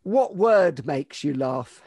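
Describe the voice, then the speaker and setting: A man hosting a podcast, with a high and very lively voice that swings around as he fires off brisk, quick-fire questions. The sound is dry and close. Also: husky, no room sound. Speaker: podcast host. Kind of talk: interview questions.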